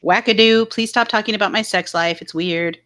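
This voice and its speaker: A woman co-hosting a casual live chat show, agreeable and apologetic, laughing softly. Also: medium pitch, fairly quick. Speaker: livestream co-host.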